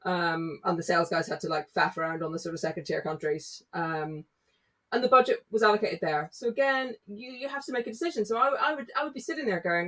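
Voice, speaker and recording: A woman's voice: mid-range voice, recorded from a distance, poor audio. A woman, a marketing consultant in a casual podcast conversation, telling stories and acting out the dialogue. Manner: brisk storyteller, acts out dialogue.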